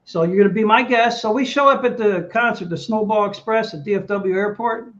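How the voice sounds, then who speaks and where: A man's voice: high voice, brisk, lo-fi sound. A middle-aged Navy veteran man telling a story casually in an interview, quoting other people as he goes. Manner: animated anecdote teller, quotes others.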